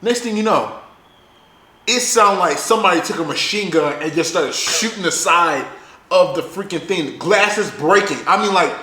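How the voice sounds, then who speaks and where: A man on a casual podcast, telling a long story in an animated, profane, fast-talking way. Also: high-pitched, reverberant. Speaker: podcast co-host.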